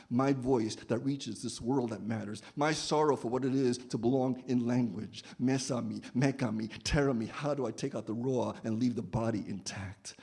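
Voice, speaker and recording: A man's voice: mid-range voice, vocal fry, dark tone, husky. A man performing his own poem with a chanting, repetitive cadence, then talking about poetry. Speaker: poet. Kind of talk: poetry reading and discussion.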